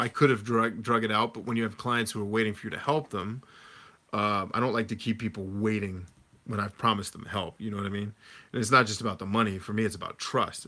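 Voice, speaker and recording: A man in his thirties talks through a casual livestream, reading viewer comments and answering them in an easygoing, conversational way. His voice sits a little low but has a bright, forceful edge. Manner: conversational, reads chat comments aloud and answers. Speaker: livestream host answering chat.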